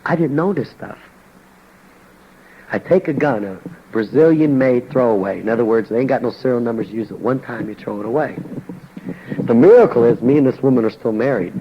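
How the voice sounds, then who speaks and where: A man's voice: medium pitch, normal speed, long pauses, dull audio, slight background noise. An older man, a former boxer, telling his conversion story as a church testimony in a colloquial, slangy storytelling manner.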